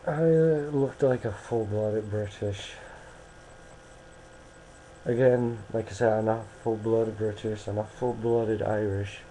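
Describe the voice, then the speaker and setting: A man's voice: fairly low pitch, fairly even intonation, slow pace, mellow, a little hiss or hum, poor audio. A young American man talking casually into a webcam, rambling and hesitant with many restarts. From United States.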